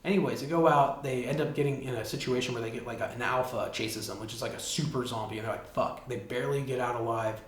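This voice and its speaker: A man's voice: mid-range voice, fast talker, few pauses. Rambling man retelling a movie plot. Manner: rambling, heavy on "like" and swearing. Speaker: podcast host. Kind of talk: casual solo podcast monologue, retelling a film plot. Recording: roomy backup recording with faint hiss.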